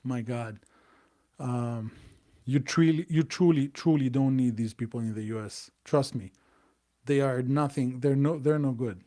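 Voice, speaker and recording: A man's voice: medium pitch, measured pace, warm tone. A man hosting a live stream, talking bluntly and emphatically and hammering his points home. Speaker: host.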